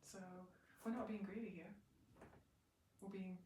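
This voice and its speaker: A woman's voice: mid-range voice, steady tone, measured pace, warm tone, slight background noise. Rambling tarot reader woman, roomy and distant. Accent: Scottish. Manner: rambling, reflective, frequent restarts. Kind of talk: casual tarot reading monologue.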